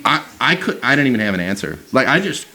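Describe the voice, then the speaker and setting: Male podcast host, casual storyteller, animated and profane, lively pitch. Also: quick pace, soft background music. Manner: animated, swearing, laughing storyteller. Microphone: set up for two cameras.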